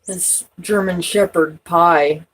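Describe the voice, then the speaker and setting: A woman with a husky, breathy voice talks to the camera in a rambling, profane way. She starts lines over and over, jumps between loud outbursts and quiet asides, and lets her sentences trail off. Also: lowish voice, fairly even intonation, slow, poor audio. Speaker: vlogger. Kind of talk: rambling personal talk to camera.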